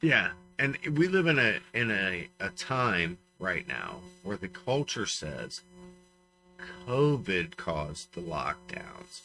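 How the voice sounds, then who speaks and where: Male co-host, low and animated, emphatic opinions. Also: slow pace, soft background music. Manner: emphatic, opinionated, punchy rants. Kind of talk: casual banter.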